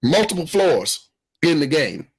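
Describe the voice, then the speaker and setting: A man co-hosting a podcast in casual chat, retelling scenes in an animated way and laughing often. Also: on the high side, a little slow. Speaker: podcast co-host.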